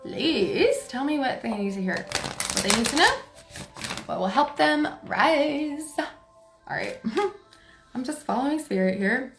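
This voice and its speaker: A woman giving a casual tarot reading to camera, talking in a forceful, excitable way and laughing often. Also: high-pitched, takes it slowly, pauses often. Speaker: tarot card reader. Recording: roomy echo, faint music behind.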